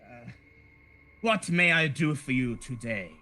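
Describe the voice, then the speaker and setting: A man's voice: medium pitch, takes it slowly, sharp tone. A man voicing a small hunchbacked old shopkeeper who speaks with formal, bowing courtesy. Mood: polite.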